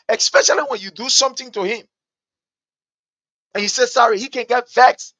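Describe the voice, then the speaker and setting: A man with a Liberian English accent, hosting a show with impassioned, repetitive political commentary that builds to shouting. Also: very high voice, moderate pace, long pauses, dry recording, lo-fi sound. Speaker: talk show host.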